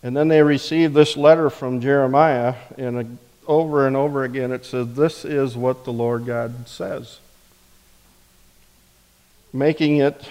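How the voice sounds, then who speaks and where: A man's voice: medium pitch, darkish tone. Man preaching in a reverberant hall. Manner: conversational, with rhetorical questions. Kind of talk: sermon.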